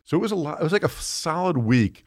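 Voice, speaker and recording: A man with a New Jersey accent, chatting as a guest in an interview, talking fast and telling stories with animation. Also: fairly high pitch, lively intonation, no echo, clean studio sound. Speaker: guest author. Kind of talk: casual interview chat.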